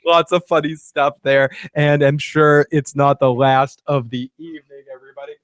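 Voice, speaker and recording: A man's voice: a little high, level tone, normal speed, dry recording. A man hosting a casual live stream, laughing often and reading out viewer comments. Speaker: podcast host.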